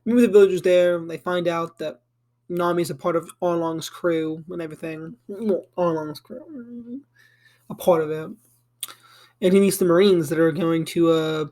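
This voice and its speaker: A man with a fairly high-pitched voice retells an anime fan story in a loose, rambling way. He leans on fillers and drops casual swear words. He sounds a little sleepy, speaking from his room at home. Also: darkish tone. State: yawning, tired.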